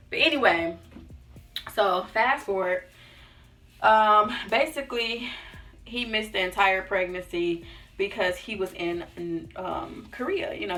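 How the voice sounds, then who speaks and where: A young woman lifestyle vlogger tells a personal story in a chatty, casual way, acting out what people said and leaning on "like" and "y'all." Her voice is fairly low with vocal fry and a sharp tone. She sits a bit off-mic and far away, with faint music in the background.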